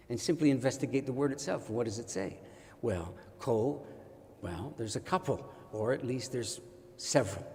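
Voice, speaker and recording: An older man who teaches at his own school tells a reflective story in a wry, deliberate, digressive way. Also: lowish voice, dark tone, long reverb tail.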